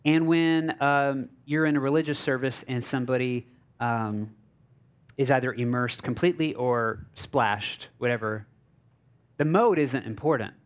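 A male pastor delivers a conversational sermon, telling stories informally with lots of fillers and restarts. He speaks at a medium pitch and measured pace, captured in a slightly dull, lo-fi recording.

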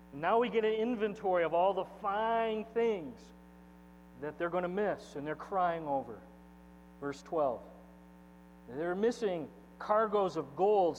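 High-voiced preaching man in an echoey hall. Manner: expository preaching, reading scripture aloud with emphatic swings in loudness. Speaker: pastor. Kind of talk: sermon. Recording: dull echoey hall with mains hum.

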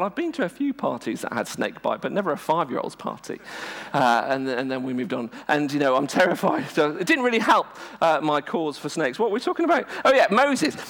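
Lively preacher in a reverberant hall. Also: male voice, sits high. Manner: lively, humorous, self-deprecating storytelling. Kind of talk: sermon with storytelling. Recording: long reverb of a large hall.

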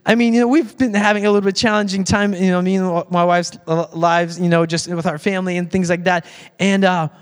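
A man's voice: high-pitched, fairly even intonation, a little fast, clean tone. A man preaching a conversational sermon as pastor, with frequent restarts, in a church sanctuary. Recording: long church hall reverb.

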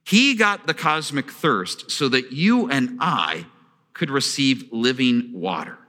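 A male pastor preaching a sermon in an animated, storytelling way, often asking the congregation questions. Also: mid-range voice, slow. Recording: long reverb of a large hall.

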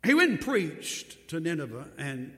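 A man's voice: a little high, big pitch swings, measured pace, bright, forceful tone. A man preaching a sermon, telling the story in a folksy way with emphatic repetition, in a church hall. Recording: long hall reverb.

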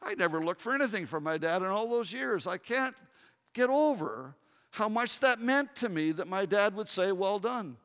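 Male pastor preaching earnestly, high, gravelly voice, long reverb in a church. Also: expressive, moderate pace. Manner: earnest preaching, drops to hushed tones for emphasis. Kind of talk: sermon.

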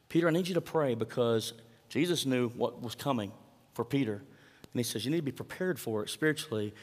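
Man preaching in an echoing hall. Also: medium pitch. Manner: conversational preaching with rhetorical questions and acted quotes. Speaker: pastor. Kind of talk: sermon. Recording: long hall reverb.

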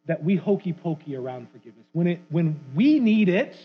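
A man preaching as a guest in church, his voice a touch high and husky. He acts out quotations loudly, then drops to hushed, quiet lines. The sound is thin and narrow, like a phone line. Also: sing-song, a little fast. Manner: dramatic, acting out quotes with big swings from loud to hushed. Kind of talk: sermon.

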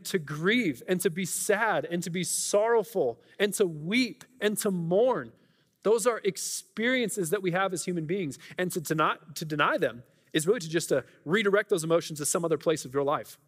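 A male pastor gives a conversational, earnest sermon, often circling back and restarting his sentences. His voice sits somewhat high for a man. The sound rings with the long reverb of a church auditorium. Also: a bit bright.

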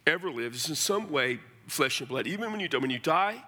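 Pastor guy preaching, bright forceful voice, kinda high, chatty and blunt, big hall echo. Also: expressive, brisk. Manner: conversational, folksy, blunt asides. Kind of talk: sermon. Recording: long hall reverb.

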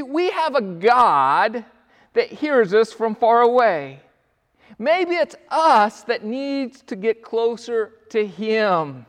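A male pastor preaching a sermon, telling stories with acted quotes in an earnest, pleading manner. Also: high voice. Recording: long hall reverb.

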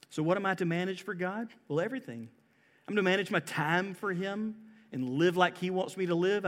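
High-voiced man preaching earnestly. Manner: earnest preaching, rising to emphatic peaks then dropping soft. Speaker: pastor. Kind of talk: sermon.

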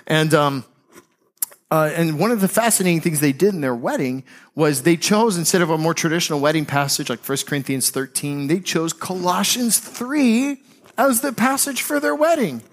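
A man preaching a sermon as a pastor, telling a Bible story in a casual, animated way with slangy asides. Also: on the high side.

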